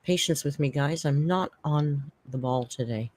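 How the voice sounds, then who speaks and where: A woman's voice: low voice, a little slow, darkish tone, no room sound. A woman hosting a casual livestream from home, rambling and chatty as she thanks chat members, on a desk microphone. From Canada. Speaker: livestream host.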